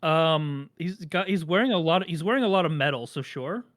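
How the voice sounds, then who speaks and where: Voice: mid-range voice, expressive, a little fast. A podcast host chatting casually, rambling through explanations with dry jokes.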